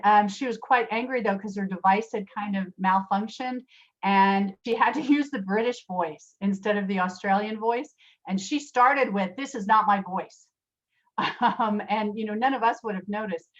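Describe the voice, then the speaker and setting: Special education teacher leading an online workshop; conversational, rambling storyteller, medium pitch, muffled call audio. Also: female voice. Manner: chatty, many fillers and restarts, addresses attendees by name. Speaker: workshop presenter. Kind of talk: virtual workshop talk with storytelling. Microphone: video call.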